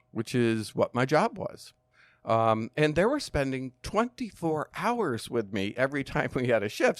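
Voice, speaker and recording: A man in his sixties telling stories as a podcast guest, calm and measured, with dry humor. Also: medium pitch, dry recording. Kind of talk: storytelling interview.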